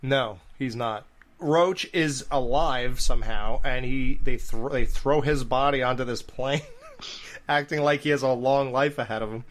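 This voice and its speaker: A man co-hosting a casual movie review podcast, animated, laughing often and acting out lines. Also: medium pitch, a little slow. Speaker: podcast co-host.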